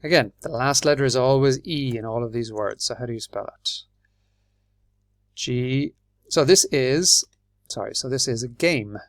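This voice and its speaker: A man with an Irish accent teaching English, explaining patiently and clearly and spelling words out letter by letter. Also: mid-range voice, moderate pace, no room sound, clean studio sound. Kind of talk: slow, clear classroom explanation.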